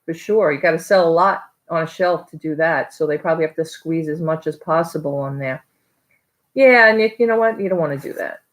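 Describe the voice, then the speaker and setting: Brief: talkative woman, New York accent, low-pitched, loose live-stream chat. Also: rough recording. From New York area. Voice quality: chatty, rambling, quick to laugh. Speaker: online reseller vlogger.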